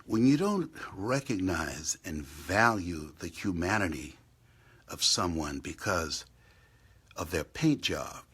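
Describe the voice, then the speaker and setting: Fiery motivational speaker, male, low husky gravelly voice, big pitch swings, hotel-room live stream. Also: animated, takes it slowly. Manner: fiery, swings from hushed whispers to loud outbursts. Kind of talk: impassioned live talk.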